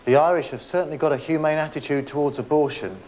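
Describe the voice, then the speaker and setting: A man's voice: a little high, fast, slight background noise, lightly acted. Man playing a man who can only sound sarcastic. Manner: dry, flat sarcastic delivery. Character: man whose sincere words always sound sarcastic. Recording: studio audience laughter behind.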